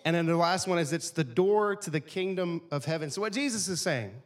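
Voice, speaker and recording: A pastor delivers his sermon like a chat with friends, full of jokes and asides. His voice sits a little higher than most men's. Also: brisk. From East Texas, USA. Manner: casual, joking, conversational preaching.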